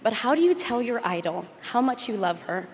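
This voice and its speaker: A woman's voice: on the high side, expressive, normal speed. Earnest young woman in a reverberant hall. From Chicago, USA. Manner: earnest, emotional, tender. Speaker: speaker giving a tribute. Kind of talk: reading a heartfelt tribute letter. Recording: reverberant hall with faint noise.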